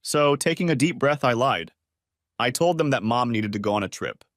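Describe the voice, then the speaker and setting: A man reading a first-person story aloud as a channel narrator, in a steady, even manner. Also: mid-range voice, moderate pace, dry recording, studio quality.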